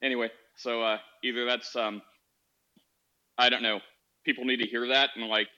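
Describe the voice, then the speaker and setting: A man's voice: medium pitch, little pitch movement, moderate pace, pushed and bright, clean tone, muffled recording. A man hosting a casual call-in podcast, talking animatedly and acting out quoted voices. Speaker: podcast host.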